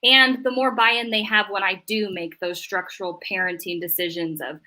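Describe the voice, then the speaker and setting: Middle-aged woman therapist guest, lively and animated, crisp bright sound. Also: medium pitch, normal speed. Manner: animated, acts out voices in quotes. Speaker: marriage and family therapist. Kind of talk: casual interview chat.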